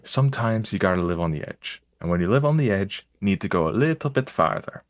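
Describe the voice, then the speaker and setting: A man's voice: on the low side, lively intonation, no room sound, studio quality, close to an everyday voice. A man quoting a reckless taxi driver. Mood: emphatic. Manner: emphatic, drawn-out words.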